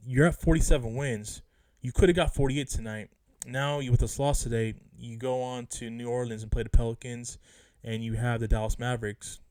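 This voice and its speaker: A man rants casually as a sports fan vlogger, frustrated and emphatic, circling back to the same points again and again. His voice sits in a mid register with a warm, darkish tone. The sound is close and dry. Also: mid-range voice, steady tone, moderate pace, smooth, no echo. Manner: frustrated, emphatic, repeats himself. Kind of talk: casual rant about a basketball game.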